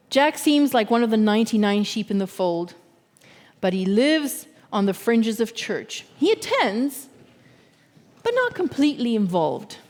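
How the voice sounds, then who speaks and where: A woman giving a sermon as a guest speaker in a church, talking in an earnest, measured way and often checking in with her listeners. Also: on the high side, a little mellow, long reverb tail. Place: church sanctuary.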